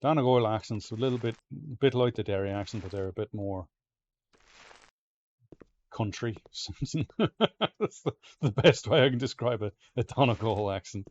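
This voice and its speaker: A man's voice: fairly low pitch, moderate pace, long pauses, darkish tone, lo-fi sound. A man with an Ulster Scots accent giving casual let's-play commentary, chatty and muttering to himself, now and then swearing. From Northern Ireland. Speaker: game streamer.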